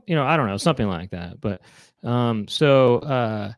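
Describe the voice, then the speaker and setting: A man chatting casually as co-host, his pitch swinging widely as he rambles, trails off and laughs at himself. His voice is close and dry, with no room sound. He slips in and out of goofy impression attempts. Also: lively intonation, normal speed, dry recording. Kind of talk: casual chat with comic impressions.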